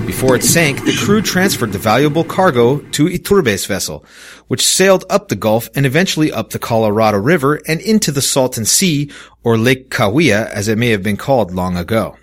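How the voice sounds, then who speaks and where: A man giving a scripted narration of old desert legends in a storytelling manner. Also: moderate pace. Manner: storytelling with lively, rising and falling pitch.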